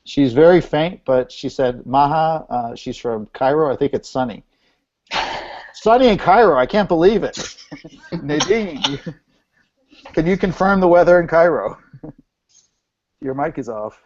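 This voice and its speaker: A man's voice: a little high, expressive, measured pace, pauses often, a little mellow. A man hosting an online video call meetup, chatting casually and joking, with loose fillers as he calls on people. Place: home, coming in over a video call. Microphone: video call microphone. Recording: dull lo-fi video call audio.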